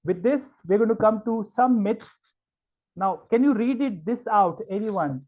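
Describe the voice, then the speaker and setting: A man from India leading an online public speaking workshop, stressing words slowly and filling pauses with "uh" and "um". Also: high-pitched. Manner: emphatic, stretches key words, many fillers. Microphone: video call. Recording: tinny call-like audio.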